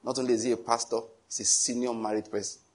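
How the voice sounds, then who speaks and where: A middle-aged pastor with a medium-pitched, slightly rough voice preaches quickly, telling stories in a jovial, teasing way. He chuckles often and throws in animated asides.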